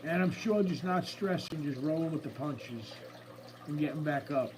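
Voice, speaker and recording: A man's voice: fairly high pitch, normal speed, crowd noise, poor audio. A man hosting a casual live stream, chatty and upbeat as he greets viewers by name. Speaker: livestream host. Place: room at home with a running water tank. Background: faint running water from a tank.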